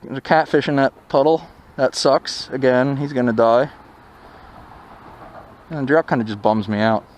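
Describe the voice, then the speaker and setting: A man's voice: medium pitch, steady tone, normal speed, long pauses. A young man telling a personal story in a casual, candid, wry way while out on a motorcycle ride. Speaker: motovlogger. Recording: noisy outdoor wind and vehicle noise.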